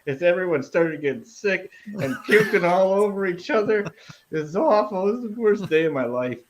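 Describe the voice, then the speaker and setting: A man's voice: high voice, lively intonation, normal speed, slight background noise. A man hosting a casual round table chat, often stumbling and repeating words.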